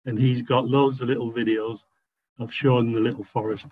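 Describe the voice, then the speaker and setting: A man's voice: medium pitch, little pitch movement, a little fast, breathy edge. An enthusiastic man rambles on, tripping over restarts as he explains. His voice comes through a tinny, narrow phone-like line. He sounds like he's casually chatting on a video call.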